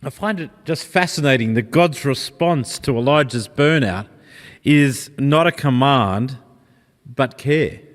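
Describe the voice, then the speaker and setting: A man preaching a sermon in a gentle, reflective, personal way. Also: mid-range voice, animated, measured pace. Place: church. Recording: long church reverb.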